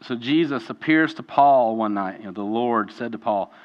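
A man's voice: mid-range voice, moderate pace. A man leading a group Bible study in an informal, conversational way, putting questions to the group. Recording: dull lo-fi audio with long room reverb.

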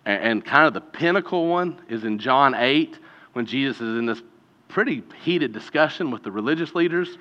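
A man's voice: mid-range voice, lively intonation, moderate pace, sharp tone. A man preaching a conversational sermon as a pastor, talking casually and then building to emphatic peaks. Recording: dull lo-fi sound with long hall reverb.

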